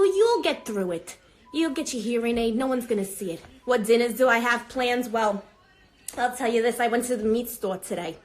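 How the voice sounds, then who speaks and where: A woman's voice: on the high side, close to an everyday voice. A woman playing a brash, foul-mouthed older grandmother, rambling in an improvised phone livestream. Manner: rambling, brash, swearing, easily sidetracked. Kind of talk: improvised comedy character livestream.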